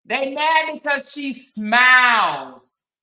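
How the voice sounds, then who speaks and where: A woman's voice: high-pitched, big pitch swings, very slow, bright, forceful tone, echoey room. A woman, hosting a casual commentary stream, talking emphatically and answering her chat. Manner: sassy, emphatic, talks back to chat. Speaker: commentary show host.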